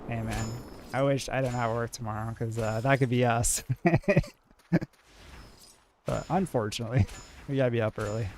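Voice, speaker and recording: Male game streamer, New England accent, mellow and laid-back, mid-range voice, casual chat. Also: medium pitch, normal speed, long pauses, slight background noise. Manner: mellow, monotone, many "like" fillers.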